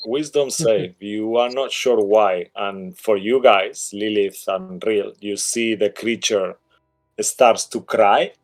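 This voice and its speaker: A man's voice: fairly low pitch, takes it slowly. A man narrating as dungeon master of a tabletop game over a voice call, in a loose, rambling way with lots of fillers. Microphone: headset or desk mic on a voice call.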